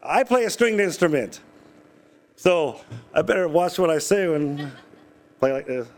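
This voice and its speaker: A man's voice: on the high side, expressive, measured pace. A man preaching a sermon, reading scripture and explaining it in a casual, conversational way with asides and jokes. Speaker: pastor.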